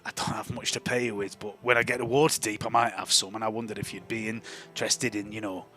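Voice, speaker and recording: A man's voice: lowish voice, level tone, fast, pushed and bright, voice pushed down. A man voicing a meek, apologetic traveller who sells ale, stammering and hesitant as he talks. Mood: pleading. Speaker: non-player character.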